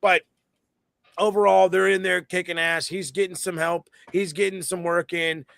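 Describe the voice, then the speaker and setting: A man with a fairly high voice rattles through a wrestling recap, swearing freely and acting out quotes with mock voices. The sound is dry and close, with no room around it. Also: moderate pace, gravelly, no room sound. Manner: profane, animated storytelling with mocking quoted voices. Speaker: podcast co-host. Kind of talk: casual wrestling review chat.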